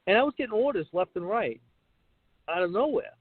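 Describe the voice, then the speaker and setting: Middle-aged man, comedian guest, animated storyteller, slightly high voice, dry tinny call audio. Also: fairly quick, breathy edge, no room sound. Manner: animated, acts out dialogue in his stories. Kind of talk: casual interview storytelling.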